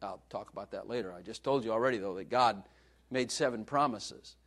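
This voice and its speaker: A man's voice: on the low side, a little fast, fairly bright tone. A male preacher giving a sermon in a joking, conversational way, laughing often.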